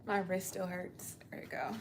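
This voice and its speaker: A woman's voice: lowish voice, level tone, normal speed, very noisy. A young woman chatting on a casual livestream from her apartment, rambling and laid-back, sounding tired. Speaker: livestream host.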